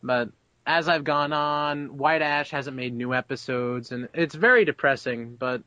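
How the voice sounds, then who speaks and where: A man's voice: mid-range voice, unhurried, sharp tone, no echo, muffled recording. A young man being interviewed about his voice acting, chatty and brash, laughing and swearing freely. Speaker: abridged-series voice actor, interview guest. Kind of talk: casual interview.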